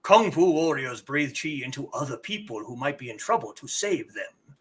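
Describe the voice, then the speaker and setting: A man voicing a solemn, bearded old kung fu master who speaks slowly and gravely in a game. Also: mid-range voice, lively intonation, a bit bright, pitched below the performer's own voice.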